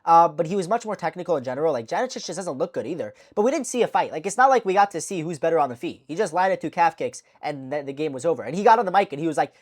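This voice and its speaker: Woman going over fight results, lowish voice, swears a lot, rambles and second-guesses herself. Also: animated, fast, a little mellow. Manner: profane, rambling, self-correcting. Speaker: MMA channel host. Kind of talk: casual fight recap vlog.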